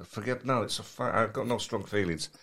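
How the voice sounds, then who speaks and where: A man's voice: on the low side, fairly quick, fairly bright tone, husky. An English man co-hosting a casual comedy podcast, teasing and cheeky with mocking jokes. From England. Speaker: co-host.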